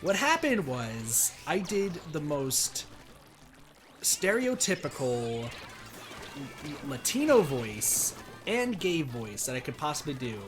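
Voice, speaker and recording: Hoarse man telling a rambling story. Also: a little high, slow pace, soft background music. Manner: rambling, animated, with restarts. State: hoarse, strained voice. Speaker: streamer. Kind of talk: casual storytelling on a game stream.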